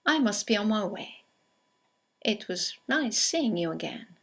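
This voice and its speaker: A woman narrating a scripted English conversation lesson, reading example greetings aloud with slow, clear delivery. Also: mid-range voice, very animated. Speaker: English teacher.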